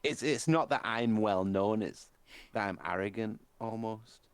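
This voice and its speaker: A man playing a tabletop game, talking in a soft, laid-back, meandering way. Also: on the low side, unhurried, smooth, dry recording. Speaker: player. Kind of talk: casual tabletop play.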